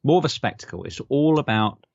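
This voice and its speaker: A man's voice: medium pitch, animated, brisk, creaky, a little mellow, no room sound. A man co-hosting a casual podcast chat, rambling with stammered restarts. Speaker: podcast co-host. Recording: dull lo-fi podcast mic.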